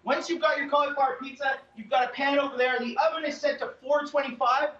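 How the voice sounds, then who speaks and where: A man, a guest cook, demonstrating a recipe over a video call in an excitable, rambling way and apologizing when he skips steps. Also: very high-pitched, quick pace. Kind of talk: cooking demonstration. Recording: echoey dull call audio from a distance.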